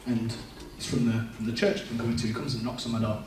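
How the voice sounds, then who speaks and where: A man's voice: medium pitch, level tone, fast talker, background noise. A man giving a personal testimony in church, talking in an earnest, reflective way. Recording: echoey church room, mic at a distance.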